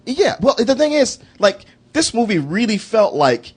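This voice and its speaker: A man chatting casually about a movie on a review podcast, his voice high and husky. He talks with a very lively, swooping pitch and keeps slipping into quoted voices to act out lines. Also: measured pace. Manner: animated, acts out characters' lines in quoted voices. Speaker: film review podcast host.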